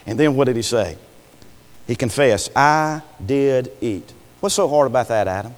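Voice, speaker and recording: Folksy preacher with a long hall echo. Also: male voice, mid-range voice, animated, a little fast, darkish tone. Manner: folksy, punctuated with "Amen" and rhetorical questions to the congregation. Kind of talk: sermon.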